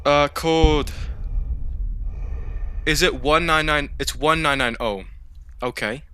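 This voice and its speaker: A man's voice: a little high, takes it slowly, bright, forceful tone, clear, resonant tone. A man playing a horror game, talking to himself in a jumpy, nervous ramble full of swearing. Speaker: gaming channel host. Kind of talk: let's play commentary.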